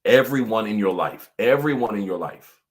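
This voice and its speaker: A man hosting a casual motivational livestream as pastor and coach, animated, often laughing and repeating his points for emphasis. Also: fairly low pitch, normal speed.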